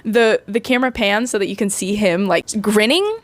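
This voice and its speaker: A woman's voice: medium pitch, lively intonation, moderate pace, no room sound. A woman in her twenties recapping a movie in a rambling, chatty way, full of fillers. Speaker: vlogger.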